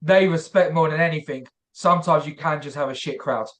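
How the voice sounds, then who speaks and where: Higher-voiced man hosting a comedy chat. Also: brisk, fairly bright tone. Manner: chatty, jokey interjections. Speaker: podcast host. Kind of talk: casual interview chat.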